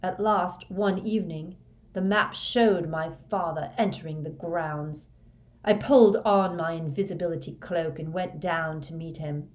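A woman reading a fanatical young male dark wizard's confession in a flat, hushed monotone. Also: on the low side, measured pace, close to an everyday voice. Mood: confessing.

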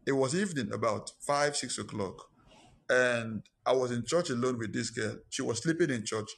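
A man's voice: mid-range voice, moderate pace, vocal fry, a bit bright, breathy edge. Emphatic man preaching. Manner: emphatic, repeats lines for stress. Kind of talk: sermon with personal story.

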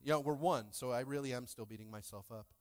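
A man's voice: medium pitch, quick pace. Joking male pastor preaching a sermon. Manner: joking, playful asides to the congregation; swings between loud bursts and soft asides. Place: church sanctuary.

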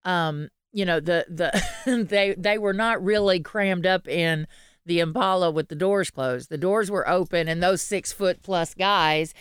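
A woman's voice: lowish voice, unhurried, clear, resonant tone, no room sound, clean studio sound. A woman, co-hosting a podcast in casual, rambling chat, laughing often and restarting her sentences. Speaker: podcast co-host.

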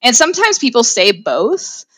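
A woman's voice: fairly high pitch, big pitch swings, normal speed, pushed and bright, dry recording, low-quality recording. A woman in sales, a guest on an interview, talking chattily and filling her speech with "like" and "you know". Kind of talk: conversational interview.

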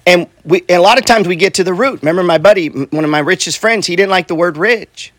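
A middle-aged real estate investor and coach gives a casual, blunt, profane motivational talk, repeating himself and regularly asking "right?" and saying "bro." He speaks quickly in a high, fairly bright voice, with no echo.

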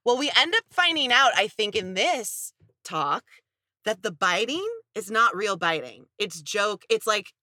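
Young female co-host, bright, sarcastic, exasperated storyteller, dry close mic. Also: medium pitch, expressive, a little slow, no room sound. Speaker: podcast co-host. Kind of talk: casual chat recapping a reality show.

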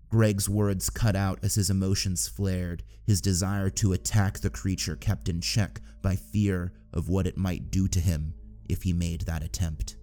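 Low, mellow male audiobook narrator. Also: little pitch movement, measured pace.

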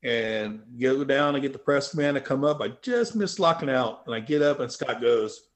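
A man in a casual interview, telling a story in an animated, profane way, swinging from low mutters to loud outbursts. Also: moderate pace, hardly any pauses. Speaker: guest.

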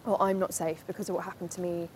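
A woman's voice: lowish voice, little pitch movement, fast talker, a little mellow, slight background noise, rough recording. A woman, a podcast host, talking in a rambling, chatty way while walking outdoors through a park in the rain, laughing at herself now and then. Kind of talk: casual spoken monologue while walking.

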